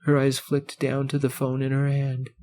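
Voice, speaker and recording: A man narrating a romance short story in the first person as an audiobook, measured and earnest. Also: medium pitch, completely flat delivery, a little mellow.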